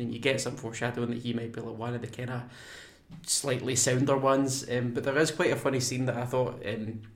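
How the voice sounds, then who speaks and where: Hesitant man, roomy echo. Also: medium pitch. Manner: hesitant, with many ums and laughs. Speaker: podcast co-host. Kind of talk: casual chat.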